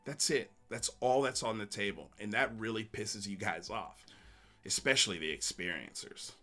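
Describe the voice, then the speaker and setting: A man's voice: on the low side, moderate pace, sharp tone, faint music behind. A man hosting a livestream, ranting bluntly and sarcastically, then reading viewer comments with frequent laughs. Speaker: livestream host.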